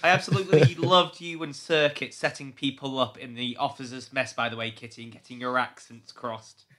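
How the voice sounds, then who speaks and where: A man's voice: medium pitch, fairly even intonation, fairly quick, a bit bright. A man co-hosting a podcast in casual chat, joking and mocking himself. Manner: jokey, self-mocking. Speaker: podcast co-host.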